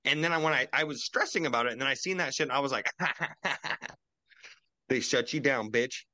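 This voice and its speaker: A young man co-hosts a casual podcast over a video call, ranting and swearing as he goes. His voice is bright and forceful. The sound is dry and close. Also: a little high, fast talker, no room sound. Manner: ranting, profane, swings into loud mocking quotes. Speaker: podcast co-host. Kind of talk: casual conspiracy podcast chat.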